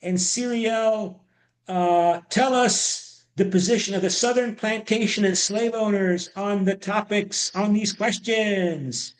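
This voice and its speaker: A high-voiced man lectures on history to an online class, circling back on his words and restarting sentences. His voice carries a roomy echo through a video call microphone. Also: steady tone, slow pace. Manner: rambling, many restarts and repeated words. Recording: echoey room.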